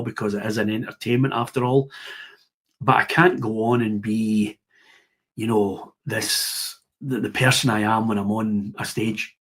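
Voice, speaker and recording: Husky Scottish broadcaster telling stories. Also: male voice, on the low side. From Scotland. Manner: lively storyteller who acts out the players he quotes. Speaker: football broadcaster, guest. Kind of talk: casual interview chat.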